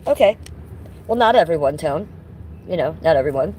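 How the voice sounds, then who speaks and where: Woman streamer, low-ish voice, casual rambling chat to viewers, occasional smoker's cough, phone mic outdoors, faint traffic behind. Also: animated, normal speed, mellow. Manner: chatty, rambling, talks to her chat by name. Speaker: live streamer. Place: outdoors, walking around.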